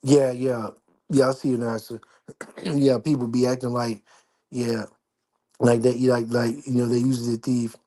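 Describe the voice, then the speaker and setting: Man talking low on a home livestream. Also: level tone, normal speed, pauses often, dark tone. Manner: rambling, conversational, slangy, keeps his voice down. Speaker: livestream host. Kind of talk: casual live-stream chat. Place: at home, apartment.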